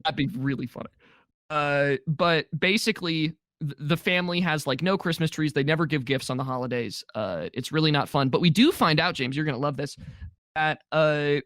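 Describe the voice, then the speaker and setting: A man's voice: a little high, normal speed, a bit bright, no room sound, clean studio sound. A man co-hosting a podcast, casually recapping a movie plot with jokes and mocking voices for quoted characters. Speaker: podcast co-host. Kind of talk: casual movie review chat.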